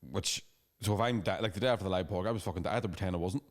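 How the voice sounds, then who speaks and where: Casting note: man, thirties, quick sweary anecdotes, lowish voice. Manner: fast, sweary storytelling with laughing asides. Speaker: podcast co-host. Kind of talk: casual chat.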